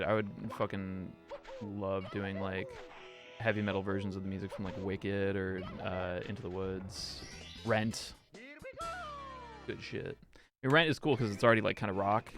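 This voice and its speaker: A young man chatting casually on a live stream, rambling and swearing with lots of fillers. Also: lowish voice. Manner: rambling, profane, frequent fillers and laughs. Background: music playing underneath.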